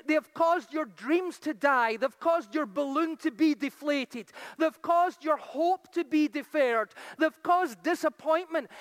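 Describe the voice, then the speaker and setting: A woman preaching a sermon, reading scripture slowly and with weight, then telling stories quickly and fervently. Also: sits high, a bit bright. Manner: fervent, rising to exclamations.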